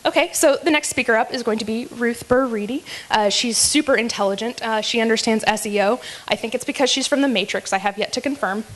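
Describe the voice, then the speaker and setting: Woman emceeing a roast, kinda high voice, teasing and giggly, lots of ums and likes. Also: fast, hardly any pauses. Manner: teasing, giggly, many fillers. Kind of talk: live comedy roast.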